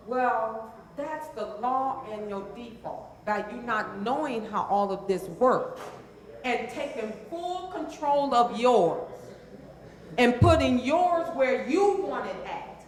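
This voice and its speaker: A woman gives a motivational talk as a transformational coach, emphatic and calling on the audience to answer back. Her voice is on the high side, animated and slow-paced, and the room is very echoey.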